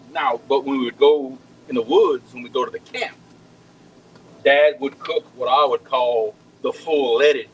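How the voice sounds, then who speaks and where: A man's voice: medium pitch, a bit bright, a little hiss or hum, rough recording. Folksy man chatting while cooking. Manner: chatty, folksy, repeats words as he talks. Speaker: home cook hosting a live cooking stream. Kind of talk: casual cooking chat with viewers.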